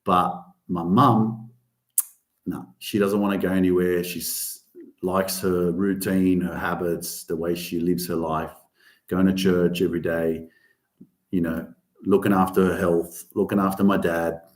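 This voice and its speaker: A man in his thirties, a motivational coach, talking casually with lots of swearing, going from quiet storytelling to loud emphatic bursts. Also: low-pitched, flat delivery, measured pace, reverberant. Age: 30s. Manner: profane, emphatic, swings between soft and loud. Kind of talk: casual monologue.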